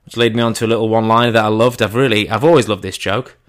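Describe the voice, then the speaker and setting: A man giving a comedic monologue in an irreverent, deadpan way, his pitch jumping up for punchlines. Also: very fast.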